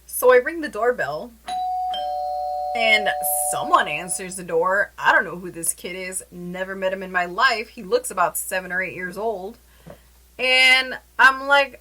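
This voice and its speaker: A young woman talks straight into her camera in a loose, storytime style, full of "like" and quick asides. Her voice is bright and a little sharp. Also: mid-range voice, a little hiss or hum, rough recording. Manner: chatty, animated, lots of "like" fillers. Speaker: vlogger telling a story. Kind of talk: casual storytime chat.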